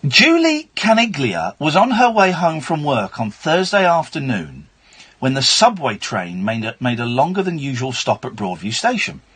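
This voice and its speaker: A man's voice: medium pitch, very animated, moderate pace, a bit bright, breathy edge. A man hosting late-night radio, chatty and wry, reading a news story with asides. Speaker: radio host. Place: radio studio.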